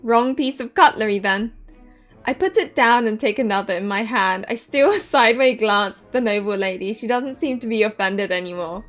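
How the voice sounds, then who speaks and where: A woman in her thirties, excitably reading a visual novel aloud and reacting with giggles. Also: on the high side, normal speed, faint music behind. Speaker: game streamer.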